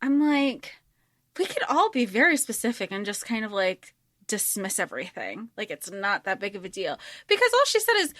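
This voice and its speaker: A woman's voice: medium pitch, wildly swooping pitch, normal speed, a bit bright, no echo, clean studio sound. A woman co-hosting a podcast, talking casually and animatedly about a book, swearing freely and restarting her sentences. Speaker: podcast co-host.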